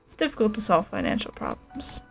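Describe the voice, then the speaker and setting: A woman's voice: medium pitch, huge pitch swings, a little fast, vocal fry, faint music behind. A woman voicing a haughty, scheming middle-aged male noble who talks down to his ward, reading game dialogue aloud. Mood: smug. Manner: smug, condescending.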